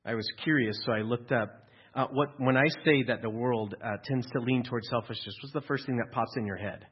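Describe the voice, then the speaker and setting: A man's voice: medium pitch, brisk, husky, dull audio. A male pastor preaching a sermon in a church, talking conversationally with dry humor and acting out quotes.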